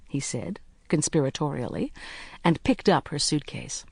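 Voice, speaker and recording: A measured audiobook narrator with an expressive, lively pitch, reading a cozy mystery. The recording is close and dry, with no room sound. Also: creaky, breathy edge, dry recording. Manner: even, measured storytelling.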